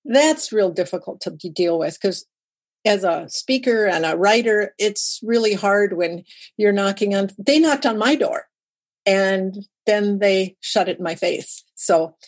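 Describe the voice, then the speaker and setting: A woman, a writer and public speaker, talks as an interview guest. She tells her stories in a lively way and jumps up in pitch to act out what other people said. Her voice sits at an ordinary middle pitch. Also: measured pace. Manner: lively storyteller who acts out quoted dialogue. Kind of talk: conversational interview storytelling.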